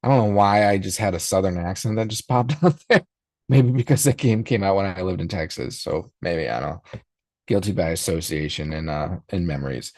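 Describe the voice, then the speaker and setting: A low-pitched man hosts a live podcast reaction stream, chatting casually and rambling with plenty of ums as he reminisces. The recording is dry and close, with no room around the voice. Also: brisk, no room sound. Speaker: podcast host.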